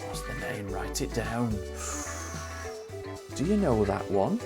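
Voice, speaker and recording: A man's voice: fairly low pitch, very animated, slow, pauses often, music in the background. A man hosting a live online quiz, cheerily reading out scores and joking with players. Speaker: quiz host. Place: home live stream.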